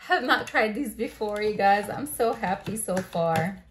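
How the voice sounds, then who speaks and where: A woman's voice: medium pitch, a little slow, a little hiss or hum. A woman vlogging in a bubbly, gushing way, chatting casually as she unboxes products. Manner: bubbly and gushing, with frequent excited exclamations. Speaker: beauty vlogger.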